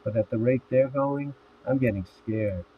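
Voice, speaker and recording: Guy reading a worried teen girl, plain even voice, tinny phone sound. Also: medium pitch, moderate pace, natural voice. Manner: reads each line in a plain, even voice. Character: teenage girl, worried and frank. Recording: tinny phone-like audio with faint hiss.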